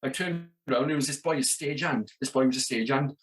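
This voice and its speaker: Tour stories pour out fast from a South Welsh rock drummer in his thirties, his mid-range voice fairly bright. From the Merthyr Tydfil area and guesting on a podcast, he acts out the conversations casually, with lots of "you know what I mean."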